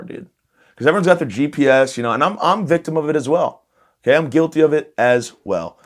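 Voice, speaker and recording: A young man riffing alone as a podcast host, swearing freely and laughing at himself. His pitch sits in an ordinary middle register, and he wanders from one tangent to the next in a loose, casual way. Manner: rambling, profane, self-mocking. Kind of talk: comedic solo podcast monologue.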